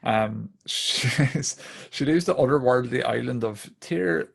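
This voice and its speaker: A man from Ireland co-hosting a podcast, with a very gravelly, creaky voice. He rambles loosely through folklore, dropping swear words and laughing along the way. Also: mid-range voice, slow pace. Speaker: podcast co-host. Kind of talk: casual podcast chat.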